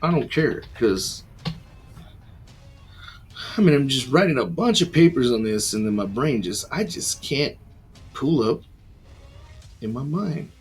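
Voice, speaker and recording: A man reviewing a book in a casual, rambling monologue, full of fillers and restarts and quick to poke fun at himself. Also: medium pitch, big pitch swings, faint music behind. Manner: rambling, many fillers and restarts, self-deprecating.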